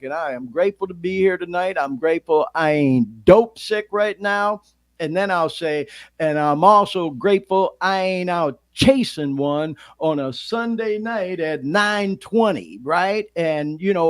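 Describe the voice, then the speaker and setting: Laughing, profane podcast host with a Detroit accent. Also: male voice, a little high, dry recording. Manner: profane, laughs often, expressive swings. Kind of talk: casual podcast monologue.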